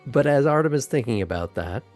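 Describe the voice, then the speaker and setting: A man's voice: mid-range voice, expressive, fairly quick, darkish tone, soft background music. A man running a tabletop role-playing game as game master, putting questions to his players. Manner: guiding, asks players questions.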